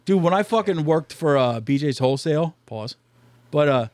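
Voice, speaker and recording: A man's voice: a little high, animated, normal speed, darkish tone, no echo. A man hosting a podcast in casual chat, talking loosely with lots of swearing and fillers. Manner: loose and profane, many fillers. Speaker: podcast host.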